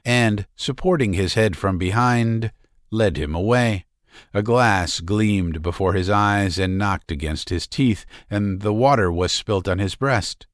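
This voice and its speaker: This is an audiobook narrator, a man, giving a measured, expressive scripted reading of a classic novella. His pitch is fairly low, and the clean studio sound carries no room tone.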